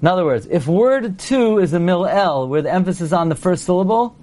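A man with a fairly high voice teaches a class. He is playful and quizzing, and he sounds out his examples aloud as he goes. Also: expressive, fairly quick, warm tone. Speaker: Torah teacher. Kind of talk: lecture to a class.

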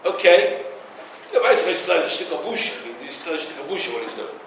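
A high-voiced man gives an animated Torah lecture, retelling conversations with emphatic stress. He sounds far from the microphone in a very echoey room, with faint background hiss. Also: fast, gravelly. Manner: emphatic, animated storytelling with Hebrew and Yiddish terms. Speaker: rabbi giving a Torah class.

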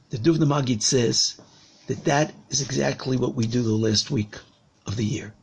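Gravelly rabbi telling a parable. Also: male voice, mid-range voice, moderate pace. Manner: animated storytelling.

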